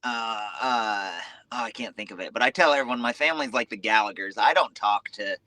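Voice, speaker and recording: A man speaks as a podcast guest in a bright, forward voice, recorded close and dry. He talks openly and without fuss. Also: medium pitch, brisk, no room sound. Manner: easygoing, candid. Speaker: podcast guest, motocross rider. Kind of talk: casual interview chat.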